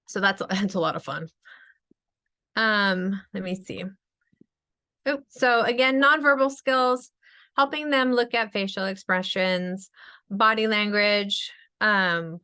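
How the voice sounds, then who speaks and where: Fast-talking, chatty woman speech therapist. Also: medium pitch. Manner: fast, energetic, chatty with many fillers. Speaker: speech-language pathologist presenter. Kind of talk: webinar presentation.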